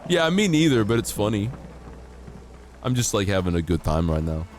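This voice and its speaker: Man, streamer, casual gaming chat, playful banter, lowish voice, very expressive pitch. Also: moderate pace. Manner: laughs often.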